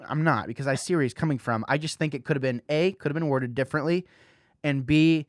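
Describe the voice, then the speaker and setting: A man hosting a casual podcast, talking in an animated way with lots of "you know" fillers. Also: on the high side, fast, dry recording, clean studio sound. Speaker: podcast host.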